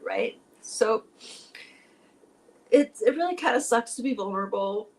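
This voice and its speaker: A woman's voice: on the high side, expressive, a little slow, low-quality recording. A middle-aged woman, a spiritual teacher, telling a personal story in an emotional, rambling way that turns teary at moments.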